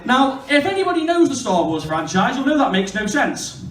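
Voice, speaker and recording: Lively high-voiced comedian. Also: male voice, normal speed. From Stoke-on-Trent, England. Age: 20s. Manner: crude, self-mocking storytelling. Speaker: stand-up comedian. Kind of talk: stand-up comedy set. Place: comedy venue stage. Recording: echoey venue heard from far off.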